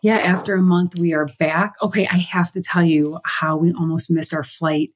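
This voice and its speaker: A woman co-hosting a podcast, telling a travel story in casual chat, animated and swearing casually. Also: lowish voice, moderate pace, slightly rough. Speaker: podcast co-host.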